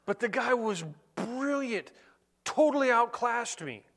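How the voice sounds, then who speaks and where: A middle-aged man preaching a sermon, conversational and animated, telling stories between scripture readings. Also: extremely high pitch, measured pace. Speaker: pastor.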